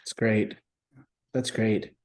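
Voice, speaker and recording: A man's voice: lowish voice, flat delivery, slow, darkish tone. A man being interviewed as a comedian guest, appreciative and laughing easily while he thinks aloud. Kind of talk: casual conversational interview.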